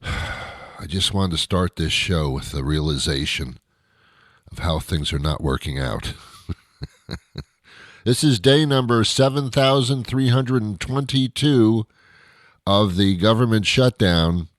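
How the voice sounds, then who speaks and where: Deep-voiced ranting American man. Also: lively intonation, slow, long pauses, no room sound, studio quality. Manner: ranting, sarcastic, exasperated. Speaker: radio show host. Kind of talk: comedic monologue.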